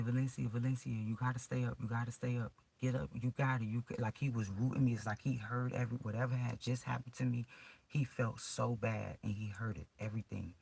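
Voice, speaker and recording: A man's voice: lowish voice, vocal fry, darkish tone, husky, rough recording. A man emotionally recounting a personal ordeal to his viewers in casual, profane, rambling speech full of restarts.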